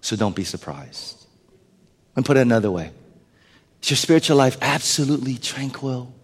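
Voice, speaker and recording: A male pastor preaching a sermon to his congregation. He swings between loud emphatic lines and hushed, whispered asides. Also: mid-range voice, sing-song, normal speed. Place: church sanctuary. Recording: long hall reverb.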